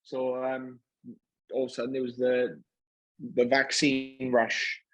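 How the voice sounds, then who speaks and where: A man with a Welsh accent, a guest on a podcast, chatting in a relaxed, rambling way with many fillers. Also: mid-range voice, slow pace, lo-fi sound. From Wales. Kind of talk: casual chat.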